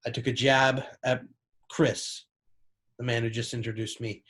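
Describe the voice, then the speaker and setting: A man's voice: mid-range voice, little pitch movement, a little slow, pauses often, a bit bright. A young man, a student comic, telling stories in a mock-earnest, self-deprecating stand-up set. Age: young adult.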